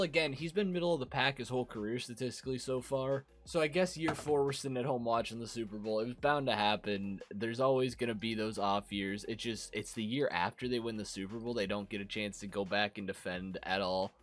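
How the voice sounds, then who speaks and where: A young man with a raspy voice from a cold, commentating a football video game and yelling at big plays. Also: medium pitch. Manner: excitable, yells at big plays. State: hoarse from a cold. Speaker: gaming commentator.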